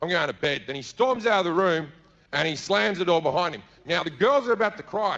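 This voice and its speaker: A fairly high-voiced Australian man in his thirties delivers a stand-up story on stage, jumping between narration and acted-out voices. The recording is slightly dull, with faint noise underneath. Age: 30s. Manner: acts out characters in quick bursts, shouts and mutters. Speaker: stand-up comedian. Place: theater stage before an audience.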